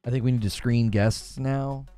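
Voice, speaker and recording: A man hosting a gaming news stream, chatting casually with viewers and reading their comments, animated and quick to laugh. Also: mid-range voice, clear, resonant tone, no room sound, faint music behind. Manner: animated, laughs often, thinks aloud with restarts. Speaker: host of a gaming news show.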